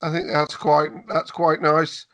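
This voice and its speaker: A chatty man with a fairly high voice, trading jokes in easy podcast banter. He often stops and starts again mid-sentence. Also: completely flat delivery, unhurried, pushed and bright. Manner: chatty, jokey, full of restarts. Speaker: podcast co-host. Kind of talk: casual chat.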